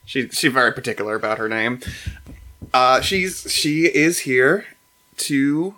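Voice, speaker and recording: A man's voice: medium pitch, steady tone, a little slow, bright, forceful tone. A man voicing a flustered, put-upon farm owner with a Southern accent who stammers through introductions. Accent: American Southern.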